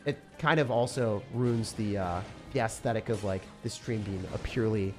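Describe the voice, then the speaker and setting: A young man streaming a game live, reacting loudly and then mumbling low as he talks through decks. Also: moderate pace. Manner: excitable, swings from shouting to low mumbling. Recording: faint music behind.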